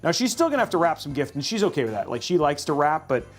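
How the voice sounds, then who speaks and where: Male livestream host, a bit high-pitched, rambling casual commentary, faint music underneath. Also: very animated, fast talker. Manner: chatty, thinks aloud, many restarts. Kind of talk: casual live commentary while building a PC.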